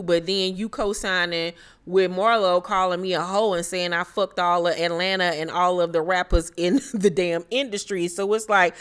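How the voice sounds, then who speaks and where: A woman's voice: lowish voice, a bit bright, smooth. A woman recapping a reality TV episode in casual commentary, blunt and profane, gossiping and laughing as she goes.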